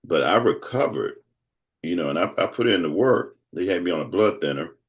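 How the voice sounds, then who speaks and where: A man in his fifties, a guest telling a personal story in casual conversation, animated and acting out other people's voices. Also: low voice, a little fast. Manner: animated storyteller who acts out quoted voices.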